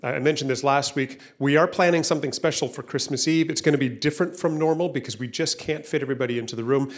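A pastor preaches a sermon to a church room and online viewers, talking fast in a medium-pitched voice. His style is conversational, and he often repeats words and acts out voices in his stories.

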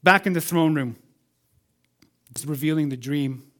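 A man preaching a sermon as pastor, swinging between loud emphatic lines and hushed ones, calling on the congregation to respond. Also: fairly high pitch, a little slow.

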